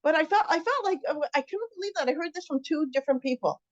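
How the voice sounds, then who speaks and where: Middle-aged woman, informal class teacher; rambling, animated, on a dull lo-fi recording. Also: high voice, quick pace. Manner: chatty, animated, rambling with many restarts. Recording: muffled lo-fi recording.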